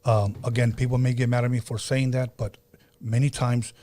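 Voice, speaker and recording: A male podcast host tells a story in an earnest, casual way, with a medium-pitched, warm voice that moves little in pitch at a moderate pace, recorded with no echo. He often repeats himself and acts out quoted voices.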